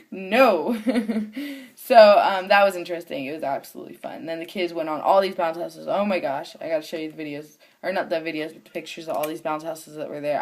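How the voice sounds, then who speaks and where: A woman vlogger, a mother of young children, casually telling a story to the camera. She acts out the voices of the people in it and swears now and then. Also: fairly low pitch.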